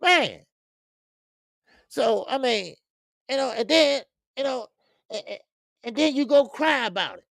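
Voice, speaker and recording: A man hosting a boxing talk stream, speaking casually and loudly, cursing freely, repeating himself and reading viewer comments aloud. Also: very high voice, a little slow, gravelly, long pauses, no room sound, studio quality. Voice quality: loud, animated, profane, repeats himself. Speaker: boxing show host.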